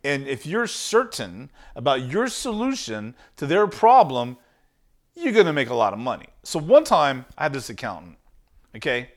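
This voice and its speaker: Animated, emphatic male sales coach. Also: mid-range voice, moderate pace. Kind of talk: motivational teaching monologue.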